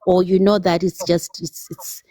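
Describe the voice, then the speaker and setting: A woman's voice: lowish voice, flat delivery, moderate pace, mellow, no echo, clean studio sound. A woman in a live-stream debate who asks probing questions, with some hesitant fillers along the way.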